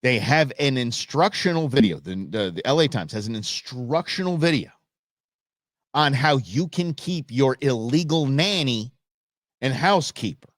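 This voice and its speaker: A male commentary host talks through a live stream in a sarcastic, mocking way, laughing at what he reads out. His pitch swings widely from line to line. The sound is close and dry. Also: lively intonation, moderate pace, dry recording.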